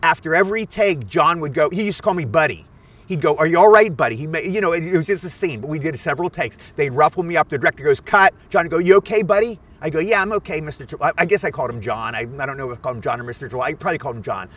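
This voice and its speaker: Fast-talking man in his sixties. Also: fairly high pitch, distant mic. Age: 60s. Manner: animated, eager storyteller. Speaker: actor guest. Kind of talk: anecdotal storytelling. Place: outdoors at a film location.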